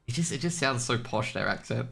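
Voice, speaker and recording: Bright-voiced Australian man casting. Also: medium pitch, expressive, a little fast, vocal fry. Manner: chatty, rambling, jokey. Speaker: esports caster. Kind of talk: casual solo stream commentary.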